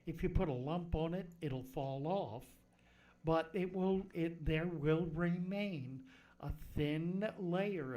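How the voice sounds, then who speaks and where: A man streaming from a room at home among his fish tanks, talking into a desk microphone. He speaks slowly and unhurriedly, in a slightly raised register, rambling and thinking out loud as he answers viewers' questions. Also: on the high side. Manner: rambling, thinks aloud while fiddling with gear. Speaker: fishkeeping livestream host. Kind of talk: casual livestream chat answering viewers.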